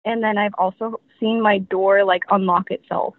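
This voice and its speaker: A woman's voice: mid-range voice, fairly even intonation, moderate pace, no echo. Young female guest, casual rambling storyteller, tinny call audio. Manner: rambling, filler-heavy with many "like"s. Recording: tinny dry phone line.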